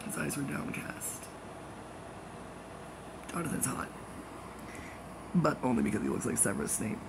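A man's voice: mid-range voice, sing-song, measured pace, very noisy. A man in a rambling, casual monologue, jokey and gossipy with meandering asides.

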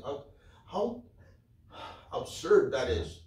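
Preacher with a far-off echo. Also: male voice, mid-range voice, expressive, moderate pace, darkish tone. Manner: conversational, acts out quoted dialogue. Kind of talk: sermon teaching. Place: church hall. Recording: echoey hall from far off.

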